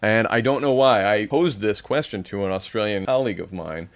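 A man with a lowish voice talks fairly quickly as co-host of a comedy podcast. In casual comedic chat, he playfully quizzes his partner on odd phrases and laughs often.

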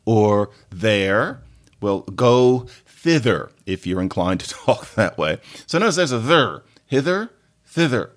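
A man's voice: sing-song, takes it slowly. A man hosting a podcast, giving a playful, digressive explanatory monologue. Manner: playful, digressive lecturing with sudden pitch jumps. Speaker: podcast host.

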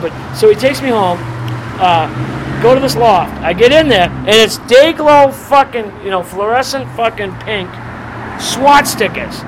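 A man's voice: sits high, moderate pace. A middle-aged man from the Boston area, a punk singer telling swaggering, profane stories in a casual street interview outside a bar. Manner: profane, rambling, swaggering storyteller. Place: outdoors in front of a bar on a city street. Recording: street traffic noise outdoors. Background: passing cars and city traffic.

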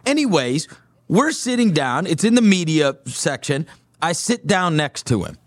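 A man speaks as a guest in a casual chat, his voice pitched fairly high and swinging widely as he tells a story. He is animated, acts out the dialogue and leans on fillers. The sound is dry, with no room echo. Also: unhurried.

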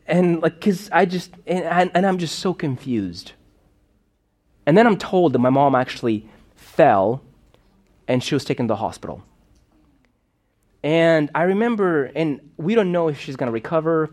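A man's voice: a little high, animated, moderate pace, long pauses, a little mellow. Man preaching in a rambling, conversational way. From Moldova. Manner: conversational, rambling with many fillers and restarts. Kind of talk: sermon storytelling.

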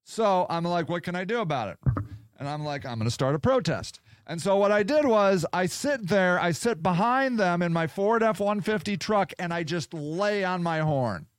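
A podcast host with a high, expressive, clear voice and a resonant tone speaks at normal speed. In a casual rant, he tells a story angrily and sarcastically, cursing often. The studio-quality recording has no room sound.

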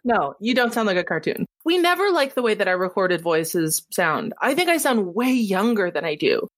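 A woman in her thirties with a mid-pitched voice co-hosts a podcast, teasing and laughing often. Her tone is reassuring and easygoing. The recording is dry and close. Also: very animated, moderate pace, dry recording. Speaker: podcast co-host. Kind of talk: casual chat.

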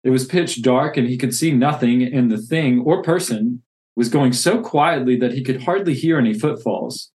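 A man's voice: medium pitch, moderate pace, a little mellow. Earnest man reading and reflecting. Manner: earnest, reflective, with many restarts. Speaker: church planter. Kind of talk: reading a novel aloud and reflecting on faith.

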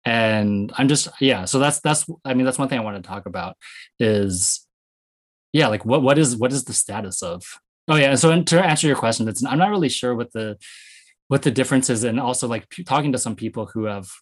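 A man's voice: medium pitch, fairly quick. A man from the US West Coast hosting a casual discussion, rambling with many fillers and restarts.

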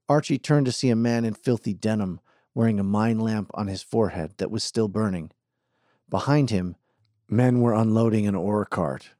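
A man reads a novel aloud in a measured, steady narration. His voice is low and mellow. The recording is dry and close. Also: no room sound. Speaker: audiobook narrator. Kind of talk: scripted narration.

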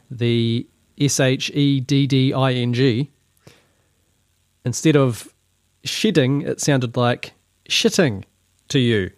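A man's voice: mid-range voice, no echo, studio quality. A man with a New Zealand accent hosting a comedic commentary podcast, talking casually in wry, mock-indignant banter. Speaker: podcast host.

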